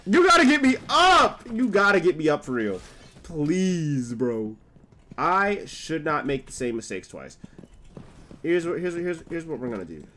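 A young man talking casually while livestreaming a game, loud and exaggerated, full of slang and mock complaints. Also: fairly high pitch, big pitch swings, measured pace, a little hiss or hum. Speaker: game streamer. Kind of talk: casual gameplay livestream talk.

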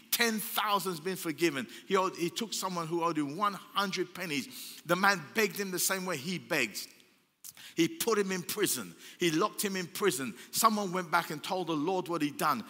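Older male pastor, emphatic sermon delivery, slightly high voice, long hall echo. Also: sharp tone, slightly rough. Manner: emphatic, repetitive preaching with rhetorical questions. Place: church hall. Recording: long church hall reverb.

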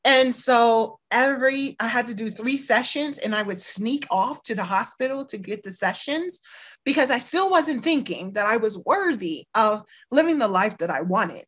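This time the same kind of speaker, a middle-aged U.S. lawyer on as a guest, recounts her life frankly and with emphasis, voicing quoted dialogue and sprinkling in "you know" and "right." She sounds fairly bright and on the high side. Her delivery is lively in intonation at a normal speed.

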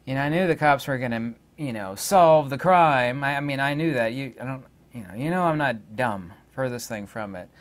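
A man hosting his own channel, talking in a rambling, indignant way and pausing on many filler words. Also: mid-range voice, animated. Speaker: channel host. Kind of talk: rambling casual monologue.

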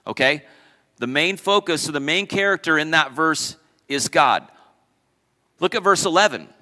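A man's voice: on the high side, animated, normal speed, pushed and bright, long reverb tail. A man preaching a sermon as pastor, emphatic, repeating key phrases and asking the congregation questions. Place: church sanctuary.

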